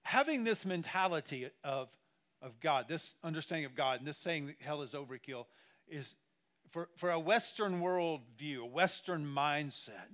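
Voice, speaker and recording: A man's voice: a little high, animated, normal speed, a bit bright. A man preaching a sermon as pastor, talking conversationally and emphatically, repeating phrases and speaking straight to the congregation.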